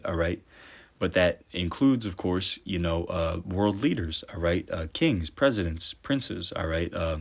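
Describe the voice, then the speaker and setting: Low-voiced man preaching, "all right?". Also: vocal fry. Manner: peppers speech with "all right?"; reads verses slowly and deliberately. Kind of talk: scripture teaching.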